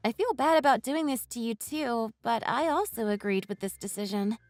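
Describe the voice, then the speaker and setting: A woman voicing an ex-wife in a text-message story, calm, apologetic and firm. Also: fairly high pitch, moderate pace, no echo, faint music behind, close to an everyday voice.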